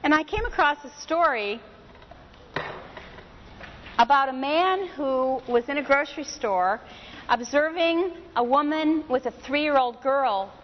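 A woman giving a spoken talk, telling an anecdote in a conversational way with casual fillers. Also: high-pitched. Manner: conversational storyteller, uses "you know". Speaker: session speaker. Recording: dull lo-fi recording with long hall reverb.

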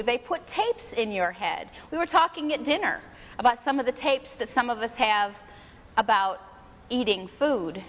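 A woman giving a spoken talk, telling an anecdote in a conversational way with casual fillers. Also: on the high side. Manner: conversational storyteller, uses "you know". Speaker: session speaker. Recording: dull lo-fi recording with long hall reverb.

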